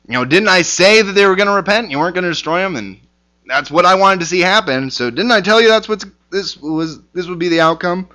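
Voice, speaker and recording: A man's voice: high-pitched, quick pace, sharp tone. A man teaching a casual Bible lesson, talking conversationally with lots of fillers and restarts.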